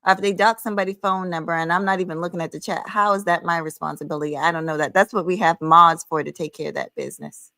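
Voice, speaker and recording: A woman's voice: fairly low pitch, fairly even intonation, fast, hardly any pauses, pushed and bright, dry recording. A woman hosting her own livestream, ranting heatedly in a sassy, profane, scolding way, calling listeners honey and child. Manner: emphatic, with frequent "honey" and "child". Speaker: livestream host.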